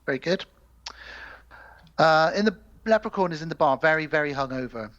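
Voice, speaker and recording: A man co-hosting a casual podcast, retelling a film plot with quick acted voices and casual swearing. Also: fairly high pitch, lively intonation, fairly bright tone. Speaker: podcast co-host. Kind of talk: casual film review chat. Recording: slightly dull, lo-fi podcast audio.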